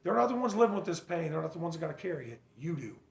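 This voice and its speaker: A man with a slightly high voice and a gravelly edge speaks bluntly and earnestly, swearing without a second thought. He pauses often and restarts his thoughts as he talks to the camera like a personal vlog. The sound bounces around a bare, echoey room. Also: big pitch swings. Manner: halting, full of fillers and restarts. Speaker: father sharing his recovery story. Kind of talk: casual personal vlog monologue.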